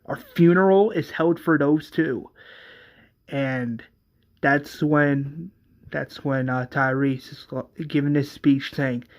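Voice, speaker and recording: A man retelling a story scene by scene, halting and repeating words as he narrates. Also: fairly high pitch, fairly even intonation. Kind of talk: retelling a fan series scene by scene.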